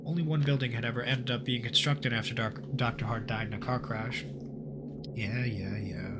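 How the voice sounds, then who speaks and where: A man's voice: medium pitch, steady tone, quick pace, heavy background noise. A man streaming a horror game, reading its story text aloud and joking casually as he plays. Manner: casual and jokey, with swearing asides. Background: game music.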